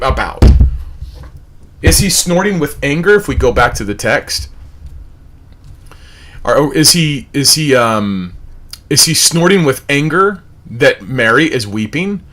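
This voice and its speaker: A man from the United States leads a livestreamed Bible study, animated as he repeats rhetorical questions and reads word definitions aloud. His voice is fairly high, and he keeps a measured pace.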